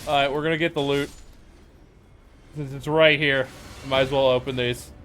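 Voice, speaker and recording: A man's voice: medium pitch, steady tone, fairly bright tone, a little hiss or hum. Joking male streamer calling out game moves. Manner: joking, quick game callouts. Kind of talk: casual gaming banter.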